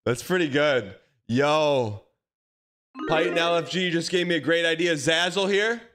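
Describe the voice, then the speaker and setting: A man live-streaming a video game, chatting casually and teasing his chat with quick comebacks. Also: a little high, fairly bright tone, a little hiss or hum. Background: game music.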